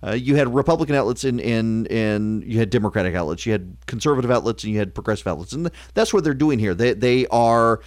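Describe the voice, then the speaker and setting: A man hosting a call-in talk radio show, sarcastic and quick, full of uh fillers. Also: mid-range voice, dry recording.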